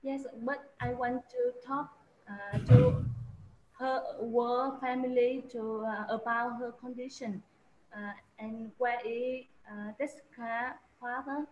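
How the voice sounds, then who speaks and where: A woman's voice: fairly high pitch, slow pace, a little mellow. A woman acting as a doctor in a medical role-play, hesitant and full of fillers. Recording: muffled, roomy, faint background noise.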